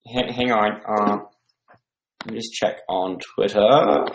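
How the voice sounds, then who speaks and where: A man's voice: lowish voice, fairly even intonation, slow, reverberant, slight background noise. A young man in his twenties hosting a casual live stream from home, chatting and rambling through viewer comments on a desk microphone. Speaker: livestream host. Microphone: desktop microphone.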